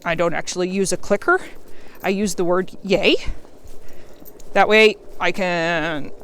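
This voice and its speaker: A woman's voice: lowish voice, fairly even intonation, a little slow, a bit bright, a little hiss or hum. A woman dog trainer explaining commands in a friendly, plain way as she walks on a forest trail. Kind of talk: instructional vlog while walking dogs.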